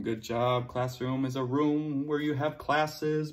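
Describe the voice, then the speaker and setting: A man's voice: fairly high pitch, unhurried, a little hiss or hum. A male teacher leading a vocabulary lesson for young children, encouraging them and praising them often.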